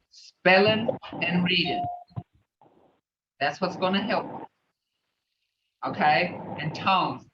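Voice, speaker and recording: A patient woman teacher talks at a very unhurried pace, sounding each word out letter by letter and repeating it. She sits far from the mic in an echoey room. The sound is dull and carries a faint hiss. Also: medium pitch. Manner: spells out sounds letter by letter, repeats words slowly. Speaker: language teacher. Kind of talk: slow, patient classroom teaching. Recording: far, roomy, dull, faintly noisy classroom recording.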